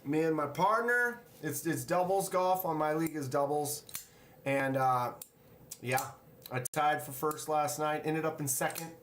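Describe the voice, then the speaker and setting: Casually chatting on his livestream, a man greets people and reads their comments aloud in an unhurried, slightly high voice with a fairly bright tone. The echoey, roomy recording carries a little hiss or hum.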